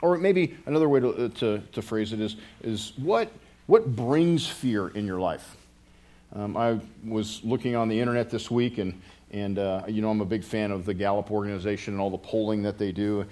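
A man's voice: on the low side, normal speed, dark tone. A middle-aged man from the United States preaching a casual sermon, rambling with many restarts and joking asides to his congregation. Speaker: pastor.

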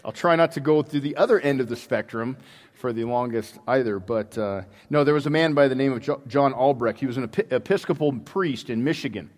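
Man preaching in an echoing church. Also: medium pitch. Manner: storytelling, halting restarts. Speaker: pastor. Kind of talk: sermon. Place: church sanctuary. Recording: long hall reverb.

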